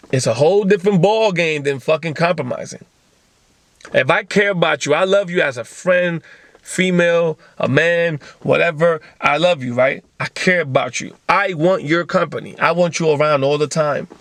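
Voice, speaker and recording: A man's voice: on the high side, fairly bright tone, dry recording. A man hosting a motivational talk show, lecturing in blunt, profane casual speech full of rhetorical questions.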